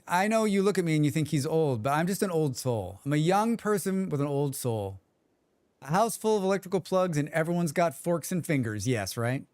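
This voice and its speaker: A man's voice: a little high, a little mellow, no room sound. A man streaming a game, chatting with his viewers in a joking, rambling way and humming to himself. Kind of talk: casual livestream chat.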